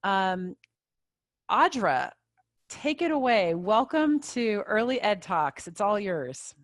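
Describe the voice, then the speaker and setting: A woman's voice: mid-range voice, big pitch swings, dry recording, clean studio sound. Upbeat woman moderating a video webinar. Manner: upbeat and thankful, quick handoffs. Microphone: video call.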